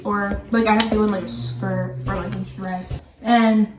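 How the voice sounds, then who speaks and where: Young female guest, relaxed filler-heavy chat, roomy distant recording with faint hiss. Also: mid-range voice, normal speed. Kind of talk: casual chat. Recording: echoey room, mic a bit far, faint hiss.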